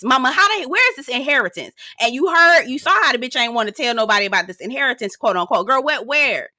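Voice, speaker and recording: A woman's voice: high-pitched, expressive, quick pace, few pauses, bright, forceful tone, no echo, clean studio sound. A woman recapping a reality show in casual commentary, sassy and profane, mimicking the cast and laughing often.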